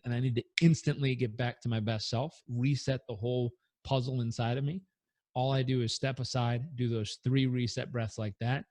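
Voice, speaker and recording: An earnest, energetic man speaks as a coach in an interview, his voice sitting at a middle pitch. The recording is close and dry, with no room sound. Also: no echo. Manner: earnest, energetic, leads breathing exercise aloud. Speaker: performance coach guest. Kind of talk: podcast interview answers.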